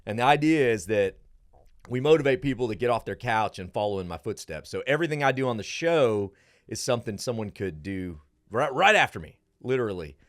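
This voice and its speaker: Animated storyteller man. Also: mid-range voice, brisk, dry recording, clean studio sound. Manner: animated storyteller, acts out quoted people. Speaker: guest, travel show host. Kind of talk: casual podcast chat.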